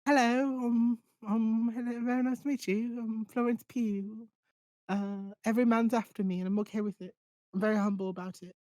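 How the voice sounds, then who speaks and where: A man putting on a falsetto impression of a bubbly young British actress, hesitant and flustered. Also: level tone, normal speed, a little mellow, no room sound, lightly acted. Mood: coy.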